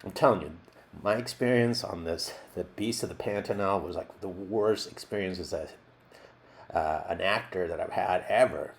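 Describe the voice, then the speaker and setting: A washed-up male jackalope actor, played by a man, rambles through a mock documentary interview and keeps losing his train of thought. His voice sits low and rough with a gravelly fry. He talks loosely and wanders off on tangents. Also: moderate pace, slight background noise. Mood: rambling. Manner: rambling, loopy, easily sidetracked.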